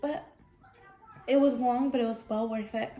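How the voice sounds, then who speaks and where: A young woman chatting casually as co-host of a sisters' vlog, talkative and quick to laugh. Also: on the high side, steady tone, dark tone, reverberant. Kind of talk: casual chat.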